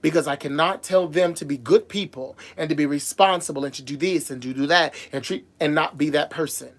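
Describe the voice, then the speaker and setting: Heated, low-pitched woman ranting on a livestream. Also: a little fast. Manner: heated, emotional and repetitive, stumbling over words; addresses viewers directly. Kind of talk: casual live-stream rant.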